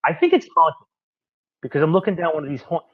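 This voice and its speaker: A man's voice: fairly high pitch, very animated, quick pace, dry recording, narrow, tinny audio. A man hosting a casual podcast roundtable, chatty and rambling as he talks. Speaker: host. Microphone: video call.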